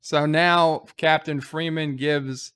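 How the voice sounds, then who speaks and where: A man's voice: fairly high pitch, steady tone, slow pace, fairly bright tone, clear, resonant tone. A man casually recapping a TV episode as a reviewer, rambling with fillers and quoting lines.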